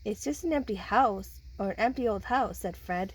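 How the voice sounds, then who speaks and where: A woman with a medium-pitched, slightly breathy voice reads a children's picture book aloud at a moderate pace, chatting animatedly with the kids listening. The audio quality is poor.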